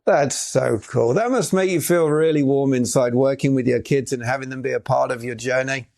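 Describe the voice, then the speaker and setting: A man hosting an interview, asking quick questions with upbeat reactions. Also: medium pitch, vocal fry, darkish tone. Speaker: interview host. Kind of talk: casual interview chat.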